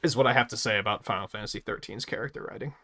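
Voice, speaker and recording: Male streamer, bright sharp voice, profane animated game chat, faint music behind. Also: fairly low pitch, rapid-fire. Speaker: livestream host. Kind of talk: casual chat while gaming.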